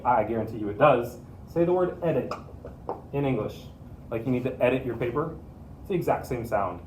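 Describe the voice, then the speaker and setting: A man's voice: medium pitch, quick pace, darkish tone, distant mic, a little hiss or hum. Patient male teacher in an echoey room. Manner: patient, repeats key points. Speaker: Spanish teacher. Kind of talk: classroom lesson to students.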